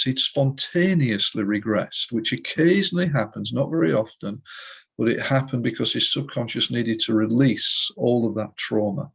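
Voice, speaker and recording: A middle-aged man, a hypnotist guest in an interview, telling vivid stories in a measured way. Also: medium pitch, animated, creaky, slightly rough. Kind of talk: storytelling interview.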